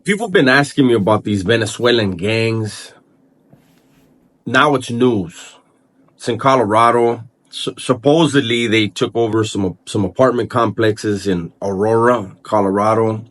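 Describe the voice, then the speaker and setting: A man's voice: fairly low pitch, a bit bright. A man hosting his own video channel, talking casually to the camera and restarting his sentences often as he thinks aloud. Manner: halting, repeats words and restarts while thinking aloud. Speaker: channel host. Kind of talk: casual vlog commentary.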